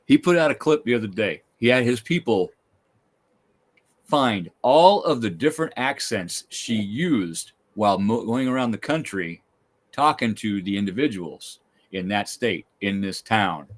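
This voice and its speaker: A man's voice: fairly low pitch, expressive, a little slow. A man hosting a casual talk stream, opinionated and ranting, often restarting his sentences. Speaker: podcast host. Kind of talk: casual chat.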